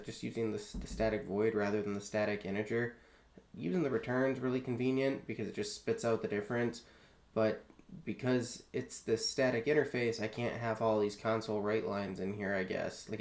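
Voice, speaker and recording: A man's voice: lowish voice, echoey room. A man casually walking through his coding assignment, offhand and self-deprecating. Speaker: student presenting a coding assignment. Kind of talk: casual screen-recorded walkthrough.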